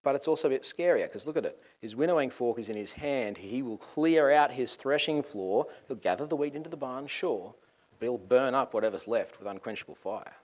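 Lively man preaching. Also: medium pitch, a little fast. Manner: lively, conversational, joking. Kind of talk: sermon.

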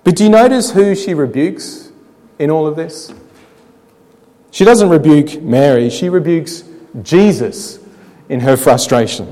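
A man preaching a sermon, telling the story dramatically with rhetorical questions, slowing down and dropping quiet to make points. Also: a little high, expressive. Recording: long hall reverb.

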